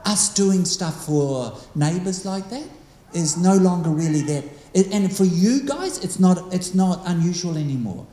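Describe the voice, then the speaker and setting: A man's voice: sits high, lively intonation, a little slow, mellow. Rambling man telling stories in an echoey hall. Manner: rambling, conversational, many asides. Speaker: speaker. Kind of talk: storytelling talk to a group. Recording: echoey hall, faint background noise.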